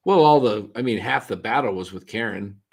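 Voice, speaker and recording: A man's voice: fairly low pitch, lively intonation, a little fast, creaky, slightly rough. A man co-hosting a casual postgame talk stream, rambling and restarting his sentences often. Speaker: podcast co-host. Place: attended the game in a ballpark, now talking on a stream.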